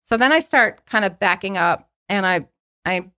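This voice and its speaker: A woman's voice: mid-range voice, expressive, normal speed, bright, forceful tone, no echo. A woman guest telling a personal story in an interview, vivid and emphatic, often restarting her sentences.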